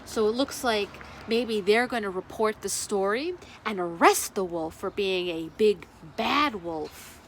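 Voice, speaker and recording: A woman librarian reading a picture book aloud at children's story time, animated and asking the listeners questions. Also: medium pitch, measured pace, hardly any pauses, a little hiss or hum.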